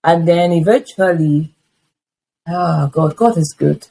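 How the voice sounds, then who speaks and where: A woman's voice: deep voice, slow pace, gravelly, slightly rough, low-quality recording. A woman in her fifties telling her personal story in an interview, acting out the conversations she had along the way. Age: 50s. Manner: animated storytelling that acts out past conversations. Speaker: interview guest.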